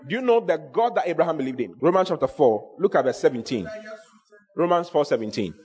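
Male preacher, high and lively voice, reverberant hall. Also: quick pace. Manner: animated, emphatic preaching with repeated phrases. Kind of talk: sermon.

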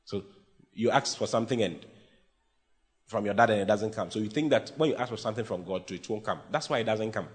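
A man's voice: on the low side, brisk. A man with a Ghanaian English accent, preaching a sermon with emphatic bursts and playful mimicry of his listeners. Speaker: pastor.

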